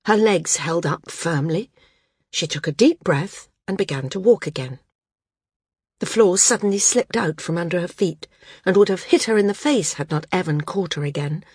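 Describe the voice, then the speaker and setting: A woman narrating an audiobook in a calm, even storytelling manner. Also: fairly low pitch, normal speed, slightly rough, dry recording, studio quality. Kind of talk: scripted narration.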